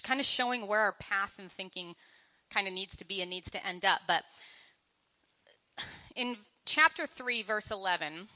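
A middle-aged woman giving a casual Bible study talk to a group, chatty and animated, often laughing and acting out quotes. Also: medium pitch, normal speed, pauses often, lo-fi sound.

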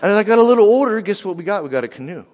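Preacher in a reverberant church hall. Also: male voice, high voice, racing. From western Pennsylvania. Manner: animated, asks the crowd questions. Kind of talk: sermon.

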